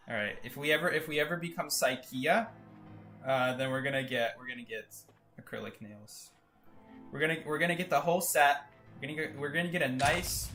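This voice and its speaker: A man's voice: medium pitch, a bit bright. A man streaming a video game, chatting casually and joking as he plays, laughing often. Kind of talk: casual live-stream gameplay commentary.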